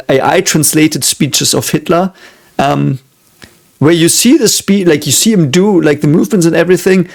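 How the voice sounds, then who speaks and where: A man's voice: on the high side, vocal fry. A man with a German accent, hosting a casual reaction video and musing earnestly, often circling back on his own words.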